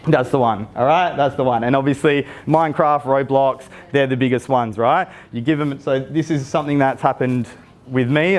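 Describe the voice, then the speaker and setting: A man in his thirties, a youth football coach, giving a conversational workshop talk to parents and often checking in with his listeners. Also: medium pitch.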